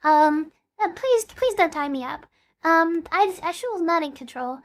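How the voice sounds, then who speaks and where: A woman's voice: extremely high pitch, sing-song, normal speed, voice pushed down. A young woman putting on a mock-commanding "mommy" voice as a joke on her stream, dropping it into flustered nervousness. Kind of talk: comic put-on voice on a stream.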